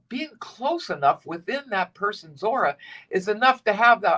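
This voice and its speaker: A man gives a casual spiritual talk with a lively, swooping delivery. His tone is bright and forceful, and he hammers home his points by repeating short phrases. He sits a bit back from the mic. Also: high voice, distant mic. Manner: animated, preachy, repeats short phrases for emphasis. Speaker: spiritual guide and co-host.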